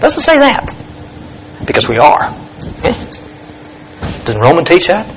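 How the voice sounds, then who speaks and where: A man teaches from the Bible with an emphatic, searching delivery and a lot of restarts. His pitch sits a little high and swings widely as he stresses key words. Faint noise hums under the recording. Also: wildly swooping pitch, measured pace, rough recording. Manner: emphatic, explaining Greek words, thinking aloud with restarts.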